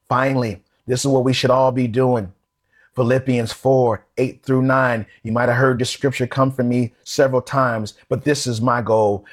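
A man's voice: medium pitch, steady tone, moderate pace. A man preaching a sermon, explaining scripture in plain, street-wise everyday talk.

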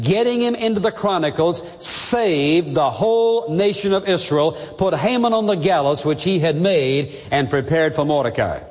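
High-voiced preaching man in reverberant hall. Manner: earnest, direct address to listener. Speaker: pastor. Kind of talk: sermon.

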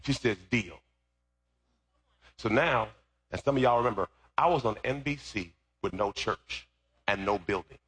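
A man pastor preaching a sermon, telling a story and then rising into shouted preaching. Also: fairly low pitch, a little slow, pauses often, slightly rough.

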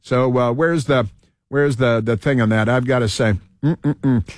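A man's voice: mid-range voice, steady tone, unhurried, no room sound, studio quality. A man hosting a talk show, rambling through an opinion monologue with many fillers and restarts. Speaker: radio talk show host.

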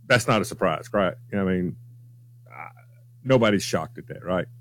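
A man co-hosting a radio show, telling a story in a lively way and laughing often. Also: deep voice, moderate pace. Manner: animated, laughs often through his story. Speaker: radio co-host. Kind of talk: morning radio banter, storytelling.

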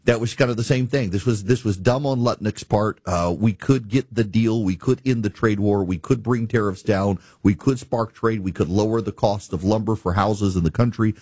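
A man's voice: lowish voice, moderate pace, few pauses, darkish tone, slightly rough, no echo, clean studio sound. A man hosting a talk radio show, giving emphatic, exasperated political commentary.

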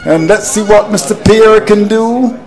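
A man's voice: high voice, measured pace, darkish tone, faint music behind, poor audio. A man commentating cricket on radio, exasperated at his team's collapse and repeating phrases for emphasis.

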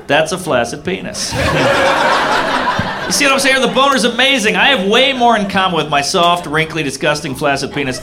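A man's voice: high voice, brisk. A man doing a playful stand-up routine at a live show. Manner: animated, playful. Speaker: stand-up comedian. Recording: live show with loud crowd noise. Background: loud audience laughter.

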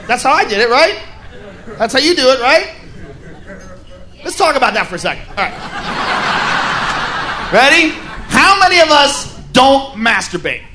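High-voiced crude stand-up comic. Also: male voice, noisy background. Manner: crude, profane, animated storytelling. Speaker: stand-up comedian. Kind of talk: stand-up comedy set. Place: comedy stage before an audience. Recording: live stage with crowd laughter.

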